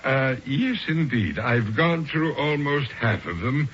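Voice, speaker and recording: An actor playing a genial, absent-minded older gentleman in a radio drama, fussy and hesitant, on a dull old broadcast with hiss. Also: medium pitch, expressive, takes it slowly. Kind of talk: 1970s radio drama acting.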